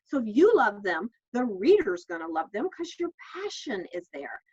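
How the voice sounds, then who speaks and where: Over dull, lo-fi call audio, a middle-aged author guesting on a casual interview spins stories in a husky, fairly high voice. She's very animated and speaks at a moderate pace, warm and chatty, with plenty of fillers and restarts.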